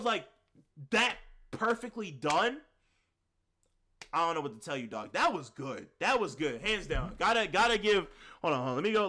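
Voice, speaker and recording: Young guy rambling about a movie, says like every other word, high voice that jumps all over. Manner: rambling, heavy use of "like", slangy, excitable. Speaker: podcast co-host reviewing a film. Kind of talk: casual chat.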